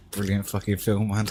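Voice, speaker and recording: Deep-voiced, swearing gaming streamer. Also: male voice, a little hiss or hum. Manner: chatty, swears freely, laughs easily. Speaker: game streamer. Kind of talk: casual gaming chat.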